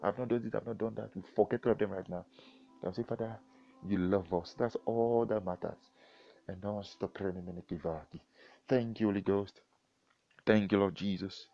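A man's voice: fairly low pitch, a little fast, gravelly, muffled recording. A man preaching and praying fervently, pleading with his listeners, at times speaking in tongues. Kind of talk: devotional sermon and prayer.

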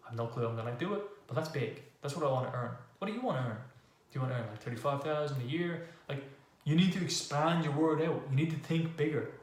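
A man's voice: fairly high pitch, quick pace. Emphatic man in an echoey room. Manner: conversational, emphatic, uses rhetorical questions. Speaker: podcast host. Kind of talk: casual motivational monologue. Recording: echoey room with faint ambient noise.

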